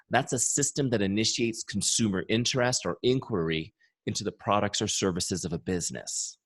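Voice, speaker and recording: The founder of a software company runs a cheerful training webinar, eagerly repeating key points. His early-morning voice is fairly low, husky and fairly quick, captured in a dry recording.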